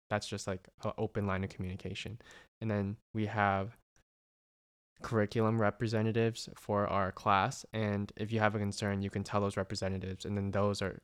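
Earnest young man, smooth low voice. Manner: earnest, reflective, thinks out loud with restarts. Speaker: medical student. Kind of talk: casual conversation.

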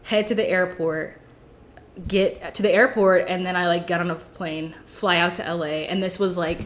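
A woman's voice: lowish voice, fairly even intonation, normal speed. A young woman telling a rambling story on a podcast as a guest, packing her talk with "like". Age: young adult. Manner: rambling, fills with "like" constantly. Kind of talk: casual storytelling.

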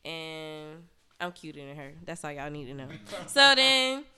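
Bright, animated young woman telling a story. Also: deep voice, measured pace. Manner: animated, profane, lots of "like". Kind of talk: casual chat, explicit storytelling.

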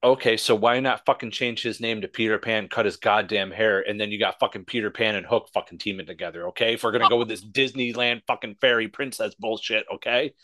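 A man's voice: on the low side, steady tone, fast talker, few pauses, bright, forceful tone, dry recording. Profane ranting male podcast host. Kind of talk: casual wrestling podcast chat.

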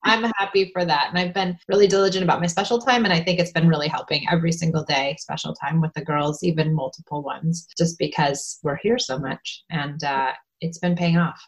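A woman co-hosting a parenting podcast, explaining ideas in a calm, advice-giving way. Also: sits low, brisk, hardly any pauses. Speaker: podcast co-host. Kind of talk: casual parenting podcast talk.

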